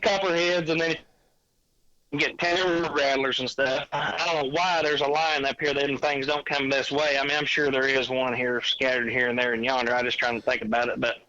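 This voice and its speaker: A man, a podcast guest calling in by phone, telling a hunting story in a rambling, animated way. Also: mid-range voice, brisk, no room sound. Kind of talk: casual chat. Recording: dull lo-fi phone line.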